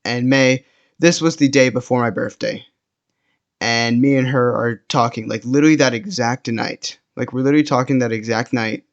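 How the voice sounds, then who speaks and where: A man's voice: medium pitch, normal speed, lo-fi sound. A teenage boy telling a personal story in a casual, rambling way, full of fillers and restarts. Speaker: storytime vlogger.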